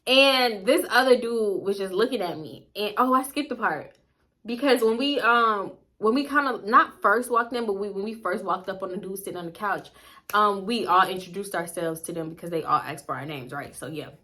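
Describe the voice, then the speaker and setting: A woman casually telling a personal story to her viewers, candid and animated, with frequent asides. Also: medium pitch, normal speed. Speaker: storytime vlogger.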